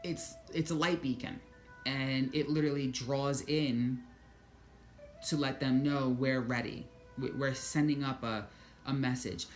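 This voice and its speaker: A woman with a strikingly low voice tells her own story straight to camera. She talks in an animated way, curses without a second thought and acts out her own inner thoughts. Soft music plays faintly behind her. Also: unhurried. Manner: animated, swears freely, quotes thoughts aloud. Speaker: vlogger. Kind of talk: personal storytelling monologue.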